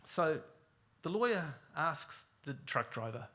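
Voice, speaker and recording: A man telling a comic story live on stage, animated and chatty. His voice sits a bit higher than most men's. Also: measured pace. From Australia.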